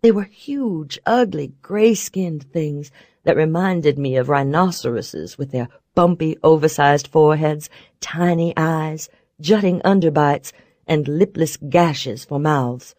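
A woman narrating a first-person story in a wry, expressive way. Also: sits low, slow pace, no echo, studio quality. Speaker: audiobook narrator.

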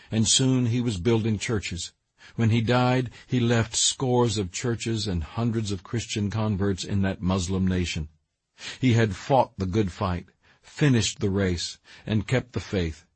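A man with a fairly low, husky voice reads a devotional book aloud in a measured, earnest way. The sound is dry and close, with no room around it. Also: no echo. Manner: earnest, measured reading with emphatic rises. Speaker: audiobook narrator. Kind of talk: scripted narration of a Christian book.

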